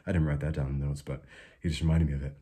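A young man giving an informal devotional talk, soft-spoken and unhurried, with many fillers and restarts. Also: very deep voice, flat delivery, breathy edge. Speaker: preacher.

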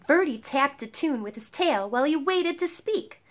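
A woman reading a picture book aloud, expressive and pausing to explain words for children. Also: sits high. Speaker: storybook reader.

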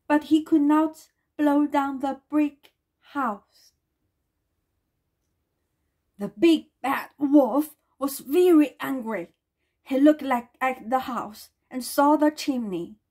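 Slow, high-voiced woman reading a storybook. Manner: gentle read-aloud with small slips and restarts. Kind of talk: reading a children's storybook aloud.

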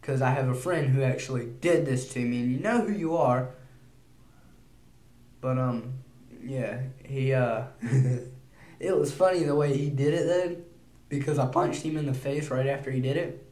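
A teenage boy vlogging in a casual, rambling way, nervous and prone to quick bursts of speech. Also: medium pitch, a little mellow, echoey room. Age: teens. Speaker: YouTuber.

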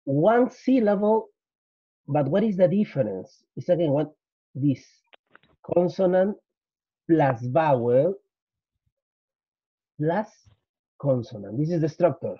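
A man's voice: fairly high pitch, expressive, slow, pauses often, husky, no echo. A male English teacher giving a repetitive grammar lecture, drilling each point and slipping into Spanish to explain. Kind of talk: slide-based grammar lecture. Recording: dull lo-fi recording.

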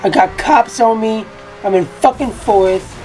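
A young woman commentating a racing game from her college dorm room. She keeps her voice quiet but breaks into profane, excitable outbursts. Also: a little high, measured pace, soft background music. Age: young adult. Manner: talking quietly. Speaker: gaming YouTuber. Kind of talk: gameplay commentary.

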